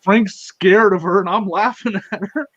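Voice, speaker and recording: Giggly male co-host, high and bouncy voice, dull recording. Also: moderate pace, fairly bright tone. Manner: giggly, laughs a lot. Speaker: podcast co-host. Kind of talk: casual chat.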